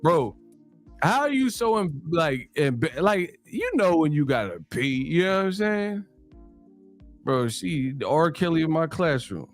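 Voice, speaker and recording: A man chatting on his live stream, loose and slangy, breaking into laughter as he teases his viewers. His voice sits a little high and he takes his time with each line. Faint music plays underneath. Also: very animated, measured pace. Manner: joking, laughing, slangy banter. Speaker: livestream host. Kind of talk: casual live-stream chat.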